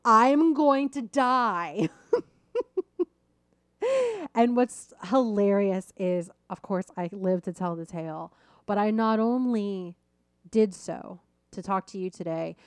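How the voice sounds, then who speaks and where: A woman coach and podcast host telling a story in a casual, animated way and laughing at herself as she goes. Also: medium pitch, moderate pace, no echo.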